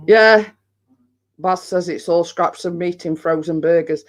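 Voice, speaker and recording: A woman's voice: fairly low pitch, a little slow. A woman with a Yorkshire accent hosting a casual live stream, chatting and reading out viewer comments. She rambles a little and laughs often.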